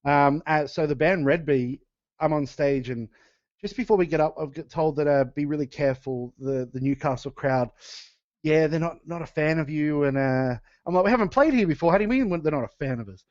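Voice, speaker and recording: A man's voice: on the high side, fairly quick, a little mellow, no echo. A man chatting casually on a podcast, laughing often and restarting his sentences. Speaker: podcast co-host and metal band singer. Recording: dull lo-fi sound.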